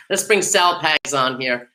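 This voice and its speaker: A woman's voice: low-pitched, sharp tone, rough recording. A woman hosting a live music podcast, talking casually with frequent laughs and fillers. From New York / New Jersey area. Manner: chatty, laughs often, many fillers. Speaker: podcast host. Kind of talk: casual livestream talk.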